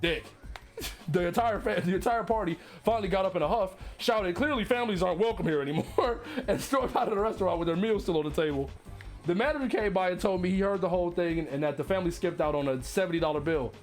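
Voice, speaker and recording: A man reading online stories aloud, breaking off to riff and laugh loudly with lots of swearing. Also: sits high, quick pace, soft background music. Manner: loud laughter and profane riffing between readings. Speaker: streamer reacting to stories.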